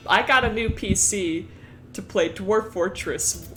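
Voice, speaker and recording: A woman's voice: mid-range voice, slow, music in the background. A woman streaming casually, rambling about her worldbuilding with frequent laughter and swearing.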